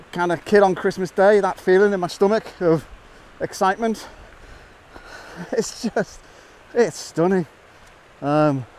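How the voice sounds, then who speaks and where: This middle-aged nature photographer has a fairly high-pitched voice as he narrates a vlog outdoors by a waterfall in a valley. Eager and excitable, he breaks into wows while describing how he composes his shots.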